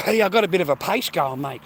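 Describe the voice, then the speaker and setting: A slightly high-voiced Australian man rambles and swears through a casual vlog while walking outdoors. He is a touch breathless from the pace, with faint street noise behind him. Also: fairly bright tone. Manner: profane, rambling, blokey slang. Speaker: vlogger. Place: outdoors on foot.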